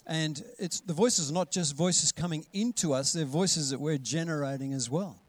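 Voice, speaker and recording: A middle-aged preacher delivers his sermon with lively energy. His voice sits slightly high for a man, and he acts out voices, jumping into loud, calling cries before settling back to talk. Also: normal speed, no room sound. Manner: animated, acts out voices with big loud calls. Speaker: pastor.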